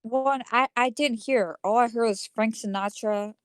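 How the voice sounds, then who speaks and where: Young woman, fairly high voice, laughing a lot, casual podcast chat, dry close mic. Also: smooth, no room sound. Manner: laughs often, self-deprecating, rapid bursts. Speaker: podcast co-host.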